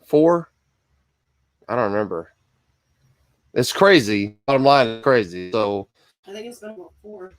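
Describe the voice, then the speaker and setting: A man talks his way into a live-streamed Bible study in a loose, rambling way. He stops to greet viewers by name and drifts into asides. His voice sits in an ordinary middle pitch and sounds dry and close, with no room around it. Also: dry recording. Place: Michigan.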